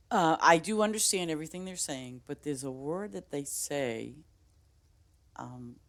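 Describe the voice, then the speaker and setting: Female game streamer, Boston accent, deep-pitched, chatty and rambling, laughs easily. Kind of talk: casual chat with stream viewers.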